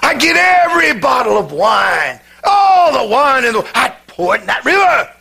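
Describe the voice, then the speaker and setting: A fired-up preacher man , as a pastor acts him out, hollers his lines at full shout. His voice sits high and sounds raspy and gravelly, and he runs on with sweating, frothing fervor. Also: lively intonation, fast talker, heavily acted. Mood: fiery shouting. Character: frothing, sweating male preacher yelling against drink.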